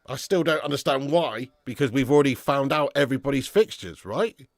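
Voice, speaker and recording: A man's voice: mid-range voice, animated, brisk, no echo, clean studio sound. A young man hosting a football fan live stream, reading viewer comments in casual banter. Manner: casual, banter, laughs often, calls viewers lad and mate. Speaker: football fan channel host.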